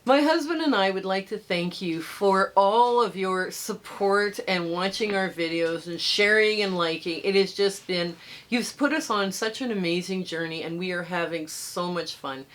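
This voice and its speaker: Captured on a rough recording, this middle-aged quilting channel host has a medium-pitched, slightly bright voice at normal speed. She chats casually, rambling somewhat while presenting a quilt top in her sewing room, and closes with a friendly sign-off in a show-and-tell vlog.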